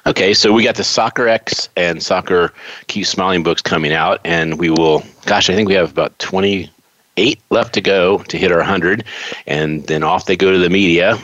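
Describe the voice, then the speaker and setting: A man's voice: sits low, normal speed, a bit bright, no echo, lo-fi sound. A man co-hosting an interview, chatting casually with playful, jokey banter. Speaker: podcast co-host.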